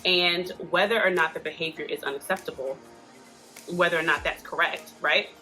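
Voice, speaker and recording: A woman's voice: fairly low pitch, fairly even intonation, normal speed, pushed and bright, soft background music. A woman hosting a casual advice talk, speaking in a chatty, earnest way with frequent asides. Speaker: host giving parenting support advice.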